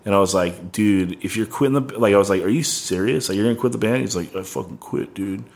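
A man's voice: on the low side, fast, creaky, a little mellow. A young man casually telling a rambling, profane tour story, full of "like" and laughs. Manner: rambling, heavy on "like", swearing, laughing.

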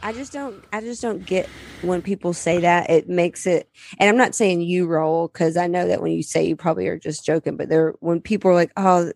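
A woman's voice: lowish voice, fairly even intonation, fairly quick, vocal fry, darkish tone, dry recording. A woman co-hosting a casual podcast chat, blunt, laughing often and swearing freely. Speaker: podcast co-host.

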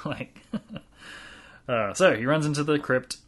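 Man retelling a show, animated and chatty. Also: fairly low pitch. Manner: animated retelling with quick impressions of characters. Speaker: podcast co-host. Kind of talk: casual recap chat.

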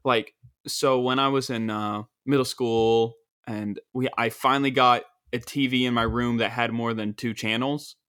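A man's voice: mid-range voice, steady tone, a bit bright, clear, resonant tone, no room sound, studio quality. A young man in his twenties, a comedian chatting with his father and telling stories with a joking manner. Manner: jokey, storytelling, quick laughs. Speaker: comedian and podcast host. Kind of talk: casual chat with his father. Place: room at home.

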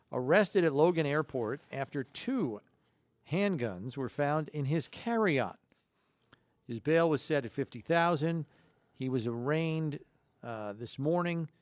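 A man's voice: on the high side, no echo, studio quality. A man co-hosting a sports radio show, reading news items and cracking wry jokes in casual chat. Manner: wry, joking asides.

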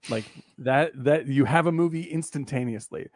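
A man's voice: medium pitch, moderate pace, few pauses, no room sound. A man hosting a casual film discussion, blunt and profane, rambling with lots of fillers.

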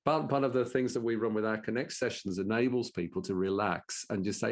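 An older man from the English Midlands, with a Birmingham and Black Country accent, is a professional speaker appearing as a guest in a casual interview. He tells stories animatedly and briskly, with hardly any pauses, repeating words and jumping up in pitch for quoted voices.

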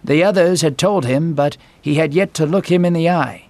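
A man narrating a scripted Bible story in a steady storytelling manner. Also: fairly high pitch, normal speed, no echo.

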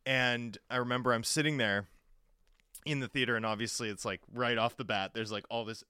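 A man co-hosting a sports talk show, his voice bright and forward. He tells stories with animated energy and quick asides, recorded close and dry. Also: medium pitch, clear, resonant tone, dry recording. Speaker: sports radio co-host.

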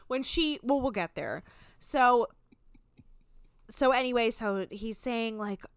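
A woman recaps a reality show for her co-hosts in loose, sarcastic chat, peppered with swearing and quick asides. Her voice is smooth and clean, and the recording is close and dry with no room sound. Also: on the high side, expressive, dry recording. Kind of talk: casual chat.

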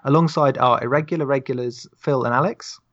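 A man's voice: medium pitch, fairly quick, a bit bright, muffled recording. A man hosting a politics podcast in a loose, joking way. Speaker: podcast host. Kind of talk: casual panel chat.

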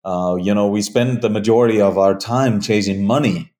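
Guest interviewee: a man with a deep voice, earnest, halting speech full of fillers. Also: a little mellow. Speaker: hunting show creator, guest. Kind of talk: conversational interview.

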